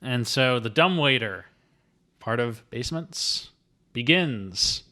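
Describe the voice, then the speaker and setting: A man's voice: medium pitch, slow pace. A man hosting a casual movie podcast, joking and talking animatedly with his co-host. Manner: animated, jokey, slips into silly voices.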